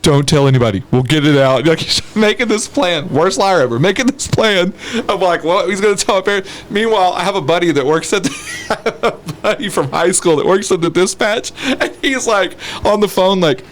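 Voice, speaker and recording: A man's voice: high-pitched, lively intonation, normal speed, a bit bright. A man co-hosting a podcast, chatting casually and laughing often as he tells stories and acts out the people in them. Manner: laughs often while telling stories, acts out quoted voices. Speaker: podcast co-host. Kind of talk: casual chat.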